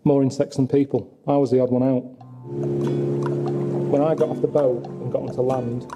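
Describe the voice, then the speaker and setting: A man moaning in a deadpan, glum way about his travels, talking to camera and to his friends. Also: mid-range voice, normal speed. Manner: glum, grumbling, deadpan complaints. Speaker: travelling presenter. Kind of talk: documentary monologue and chat. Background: music.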